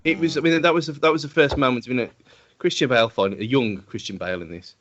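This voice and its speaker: A man's voice: mid-range voice, fast talker, a bit bright. A man co-hosting a podcast, chatting about a film in a rambling, hesitant way and laughing often. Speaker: podcast co-host. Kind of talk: casual film-review chat. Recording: dull lo-fi podcast audio.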